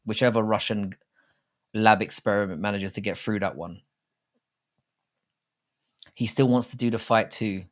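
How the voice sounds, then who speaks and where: Guy rambling on a live stream, crude jokes, keeps restarting, voice a bit low. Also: steady tone, normal speed, pauses often. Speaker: livestream host. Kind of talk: casual live-stream chat about fight betting.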